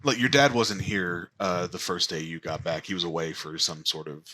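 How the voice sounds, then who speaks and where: A man narrating as game master of a tabletop game, speaking haltingly with many fillers. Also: deep voice, steady tone, pushed and bright.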